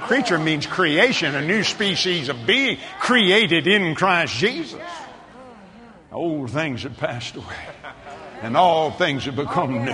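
Preacher in a big echoing hall. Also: male voice, on the high side. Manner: swings from hushed to exuberant shouting. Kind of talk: sermon. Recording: reverberant hall, faint ambience.

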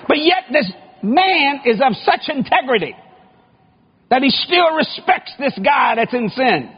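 A male preacher giving a joking, animated sermon, often shouting, heard on a lo-fi recording. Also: very high voice, measured pace, a little hiss or hum. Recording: lo-fi muffled recording.

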